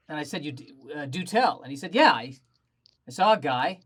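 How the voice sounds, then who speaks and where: Animated stand-up comedian, a man. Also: a little high, moderate pace, long pauses. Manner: animated storytelling with self-deprecating asides. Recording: remote show over video call.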